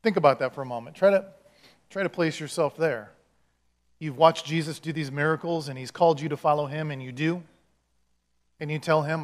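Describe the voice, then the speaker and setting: A man's voice: a little high, moderate pace, long pauses. A man, a pastor, giving a sermon in a conversational storytelling way, acting out the quotes he tells.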